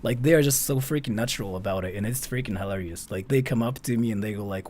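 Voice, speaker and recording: A man from Japan hosting a live stream, chatting casually and reading donations in a rambling, excitable way with frequent mild swearing. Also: fairly low pitch, fast talker, few pauses, slight background noise. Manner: animated, rambling, swears mildly and often.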